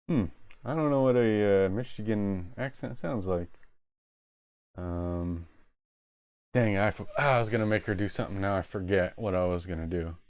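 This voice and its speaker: A man's voice: fairly low pitch, moderate pace, a little mellow, no echo. A man hosting a live stream, chatting casually and rambling, often losing his train of thought. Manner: loose, rambling, trails off. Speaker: streamer host.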